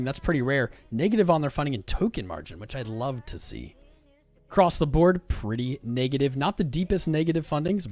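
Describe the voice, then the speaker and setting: A man's voice: medium pitch, darkish tone. Upbeat man hosting a crypto livestream. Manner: upbeat, chatty, reads viewer comments aloud. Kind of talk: casual live trading commentary.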